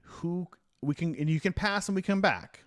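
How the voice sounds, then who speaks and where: A man's voice: high-pitched, normal speed, fairly bright tone, no room sound, clean studio sound. A middle-aged man hosting a casual podcast chat, teasing and quizzing his daughter on history. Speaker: podcast host.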